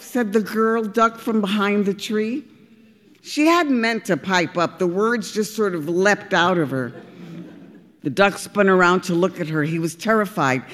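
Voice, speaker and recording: A woman narrating a storybook, expressive and deliberate. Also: medium pitch, long reverb tail. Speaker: audiobook reader.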